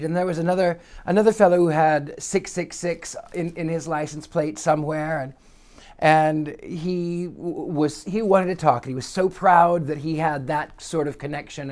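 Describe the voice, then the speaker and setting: A man telling anecdotes in a casual vlog, genteel and wordy, acting out the voices of the people he quotes with big jumps in pitch. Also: darkish tone. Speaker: psychic vlogger. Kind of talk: casual storytelling to camera. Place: Pasadena area.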